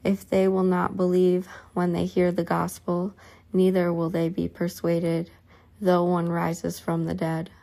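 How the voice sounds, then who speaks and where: Solemn stern Jesus, read by a woman, flat low delivery, gravelly edge, measured words. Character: sorrowful stern Jesus, grown man.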